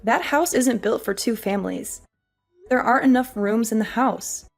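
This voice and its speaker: An actress playing an exhausted young working wife, weary and pleading. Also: female voice, fairly high pitch, moderate pace, creaky, faint music behind. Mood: upset. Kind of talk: audio drama acting.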